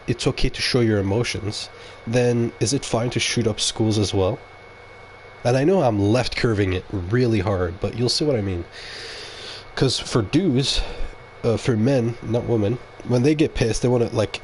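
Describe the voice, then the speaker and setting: A man's voice: medium pitch, moderate pace, darkish tone, a little hiss or hum. A man streaming a game and talking casually to his audience, rambling and opinionated and often correcting himself mid-sentence. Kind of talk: casual livestream monologue.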